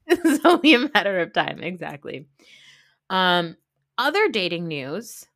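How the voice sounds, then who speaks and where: A woman's voice: fairly low pitch, very animated, a little slow, a bit bright, no room sound, clean studio sound. A woman in her thirties co-hosting a casual pop-culture gossip podcast, talking frankly and rambling, swearing freely. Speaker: podcast co-host.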